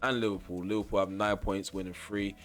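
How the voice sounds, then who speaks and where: A young man commentating on his football video game, ranting at the referee, then calmly recapping for viewers. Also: lowish voice, brisk, faint music behind. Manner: exasperated ranting at the referee, shouting. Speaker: gaming YouTuber. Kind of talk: gameplay commentary.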